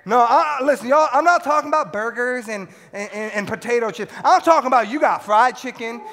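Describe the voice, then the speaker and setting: A young man preaching a sermon to a youth audience in an animated way, swinging between loud shouts and quiet asides. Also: very high voice, a little fast. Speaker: youth pastor. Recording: long hall reverb.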